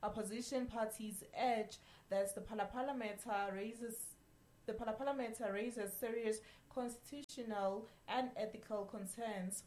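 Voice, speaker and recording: A woman news anchor reading a radio news bulletin in a measured way, with a few slips and restarts. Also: medium pitch, darkish tone, roomy sound. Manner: measured newsreader delivery with occasional slips and restarts.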